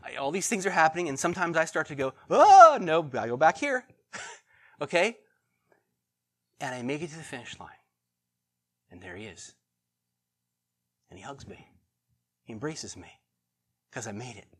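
A middle-aged man preaching a sermon as pastor, animated, swinging between loud bursts and hushed, tender passages. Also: medium pitch, breathy edge.

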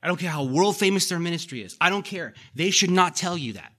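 A man's voice: high voice, expressive, fast, sharp tone. A middle-aged man preaching a sermon in a conversational way, repeating key lines and making folksy asides to the congregation. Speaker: pastor.

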